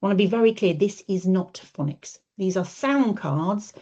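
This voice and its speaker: A woman's voice: mid-range voice, normal speed, mellow. A woman speech and language therapist giving a webinar, explaining step by step with frequent ums and modelling sounds in a sing-song voice. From United Kingdom. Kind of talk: webinar presentation. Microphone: video call. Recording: dull lo-fi webinar audio.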